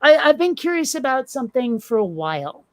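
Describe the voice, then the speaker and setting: A woman's voice: sits high, big pitch swings, a little fast, dry recording. A woman in her forties hosting a casual chat, blunt and curious, asking pointed questions. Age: 40s.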